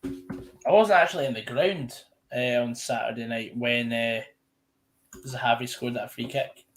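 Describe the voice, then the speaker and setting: A man's voice: medium pitch, measured pace, music in the background. A young Scottish man hosting a live football watch-along, chatting casually and correcting himself as he goes. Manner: rambling, self-correcting, chatty. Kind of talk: casual live commentary chat.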